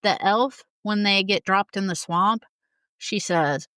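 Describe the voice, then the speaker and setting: A woman's voice: medium pitch, slow pace, sharp tone, no echo. A woman hosting a casual, enthusiastic talk show, chatting with frequent laughter. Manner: enthusiastic and giggly, reciting quotes. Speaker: host. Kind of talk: casual talk about a musical.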